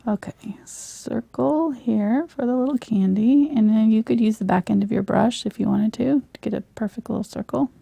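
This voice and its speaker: A woman teaching a live painting lesson on a lapel mic, soft-spoken and often dropping to a near whisper as she works. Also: fairly high pitch, moderate pace, vocal fry, few pauses, husky, no echo. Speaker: painting instructor.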